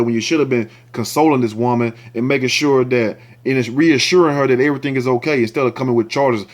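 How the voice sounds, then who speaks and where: An indignant man reads a news story aloud and keeps stopping to rant about it, swearing freely as he goes. He talks straight at his viewers in a voice of ordinary, middle pitch. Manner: talks straight to viewers, asks for likes and shares. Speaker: commentary show host. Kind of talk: reading a news story aloud with angry commentary.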